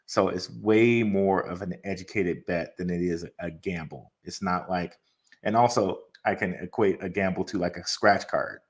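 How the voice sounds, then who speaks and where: A man co-hosting a casual livestream, talking hesitantly with many pauses and restarts. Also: sits low. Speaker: co-host.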